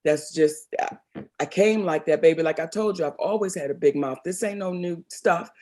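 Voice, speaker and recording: A woman's voice: lowish voice, normal speed. A middle-aged woman from Baltimore, a comedian and actress, telling stories expressively in an interview. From Baltimore, Maryland. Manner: expressive, animated storyteller, calls people baby. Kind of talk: storytelling interview.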